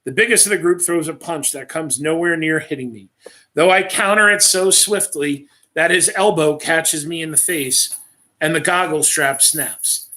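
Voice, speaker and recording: On a livestream, a man reads his own first-person story aloud dramatically, breaking off now and then for offhand asides. His slightly high voice is bright and forceful, at a moderate pace.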